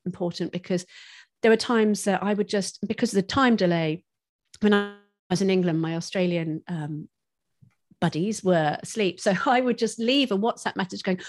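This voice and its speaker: A woman guest who teaches parenting, talking in an expressive, chatty way and laughing often. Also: mid-range voice, normal speed, no echo, clean studio sound. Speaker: parenting instructor, podcast guest. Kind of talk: casual conversational interview.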